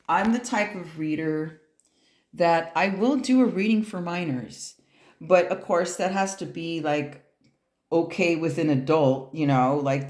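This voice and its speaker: A woman's voice: sits low, reverberant. A woman tarot reader in a casual vlog, rambling and chatty, with lots of fillers and restarts. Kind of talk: casual deck-sharing vlog.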